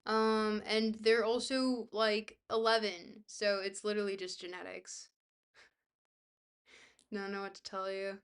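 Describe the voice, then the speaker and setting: A woman streaming a book reading to her chat. She reads haltingly, trips over long words and breaks off into chatty asides to her viewers. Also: medium pitch, flat delivery, smooth. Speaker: livestreamer reading a book aloud.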